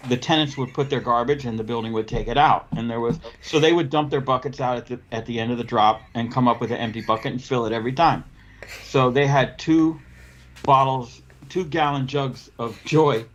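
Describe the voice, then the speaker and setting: Brief: male podcast host, mid pitch, animated storyteller, dull lo-fi audio. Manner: animated storyteller, acts out dialogue. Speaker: podcast host, window cleaning business owner. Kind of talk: casual storytelling chat.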